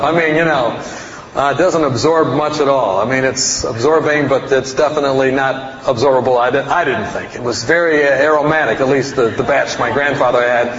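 A man with a medium-pitched, slightly bright voice delivers a storytelling sermon to his congregation, folksy and rambling and full of self-mocking humor. The recording has a roomy hall sound that's dull, with faint background noise.

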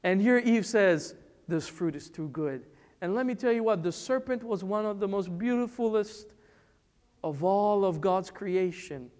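A man from the Republic of the Congo preaching a sermon, emphatic and full of rhetorical questions and pauses. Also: high voice, a little mellow, smooth. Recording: long church-hall reverb.

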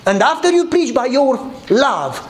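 A man's voice: very high-pitched, sing-song, unhurried. A man with a Romanian accent preaching a sermon, telling a story in which he acts out the dialogue and laughs often.

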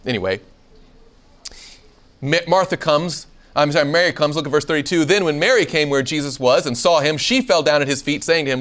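A man teaching a Bible seminar to a live audience, asking questions and acting out the quoted lines. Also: fairly high pitch. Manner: animated, asks the room questions, acts out quoted lines.

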